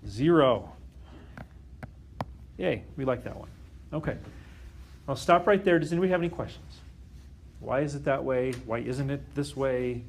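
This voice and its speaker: A man's voice: medium pitch, moderate pace, gravelly, pauses often, a little hiss or hum. A man teaching a calculus lesson to a class, often stopping to question the students and check that they follow. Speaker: math teacher.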